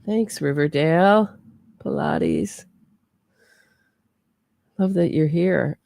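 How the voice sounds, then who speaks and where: Chatty woman host with a gravelly voice. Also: sits low, extremely slow, darkish tone, dry recording. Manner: chatty, talks to her chat viewers. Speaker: true crime podcast host. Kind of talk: casual livestream commentary.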